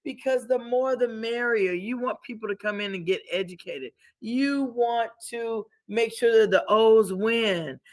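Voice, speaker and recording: A woman's voice: a little high, unhurried, few pauses, no room sound. A woman hosting a casual talk show, upbeat and urging, laughing often. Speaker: host.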